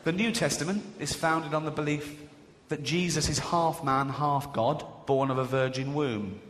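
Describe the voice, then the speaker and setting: A middle-aged comic on a large theatre stage tells crude, sarcastic, self-mocking stories, his voice on the high side, steady and at a normal speed. The live hall recording catches a loud audience laughing, with slight background noise.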